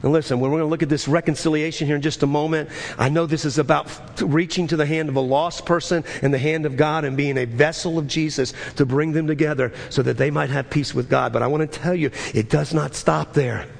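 A man's voice: a little high, steady tone, a little fast, creaky, hardly any pauses. A man in his fifties, a pastor preaching a sermon, telling a story earnestly and then rising into fervent preaching. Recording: long reverb of a large hall with faint noise.

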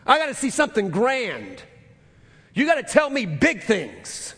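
Husky high-voiced preacher in echoing hall. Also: male voice, huge pitch swings, measured pace. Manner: retells scripture with emphatic repetition, dropping to soft intensity. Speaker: pastor. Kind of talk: sermon. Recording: long reverb of a large hall.

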